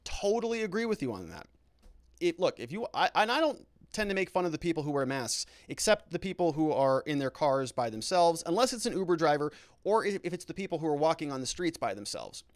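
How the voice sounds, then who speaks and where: A man's voice: fairly high pitch, very animated, brisk, dry recording. A man hosting a live commentary show, reading viewer comments aloud and reacting with indignant, sarcastic asides. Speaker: lawyer and show host.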